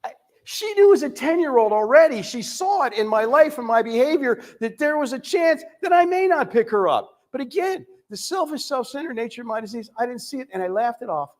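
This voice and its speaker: An older man from the United States giving a candid recovery testimony, telling his story with frequent pauses and fillers. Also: extremely high pitch, big pitch swings. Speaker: recovery speaker.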